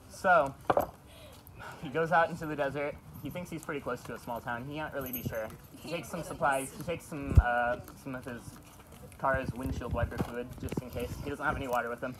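A man's voice: medium pitch, very noisy. A young man improvising a story at a house party, rambling and stopping himself with chuckling asides. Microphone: phone camera.

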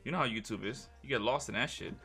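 A man's voice: medium pitch, quick pace, creaky, bright, forceful tone, husky, faint music behind. A young man streaming a game live, chatting casually and profanely with his viewers and a teammate. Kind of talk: live gaming stream chat.

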